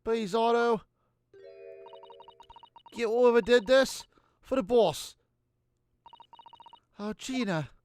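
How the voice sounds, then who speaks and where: A man's voice: very high voice, slow pace, long pauses, darkish tone, smooth, faint music behind, voice pushed up. A man voicing a tough young street girl from a game, with a put-on English accent and a scrappy, brash manner. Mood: pleading.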